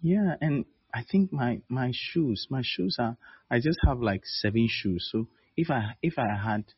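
A man's voice: medium pitch, expressive, measured pace, husky, dry recording, muffled recording. A man voicing a coy young woman in a sermon skit, hesitant and stammering as she fishes for expensive gifts. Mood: sweet-talking. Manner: hesitant, stammering, fishing for favors.

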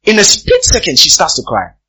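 A man's voice: high voice, wildly swooping pitch, a little fast, pushed and bright, husky, low-quality recording. A man preaching a sermon, emphatic and repeating his phrases for effect.

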